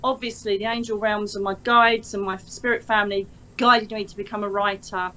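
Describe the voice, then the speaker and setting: A woman's voice: mid-range voice, brisk. An English woman in her fifties, a psychic medium guest in an interview, telling stories with energy and acting out the voices of the people in them. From England. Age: 50s. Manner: animated, acts out other voices in her stories. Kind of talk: storytelling interview talk.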